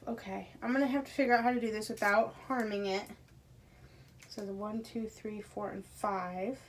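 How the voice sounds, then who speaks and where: A woman unboxing a subscription box at home, gushing and excitable, dropping into hushed whispers between bursts of delight. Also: a little high, slight background noise. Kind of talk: casual unboxing vlog.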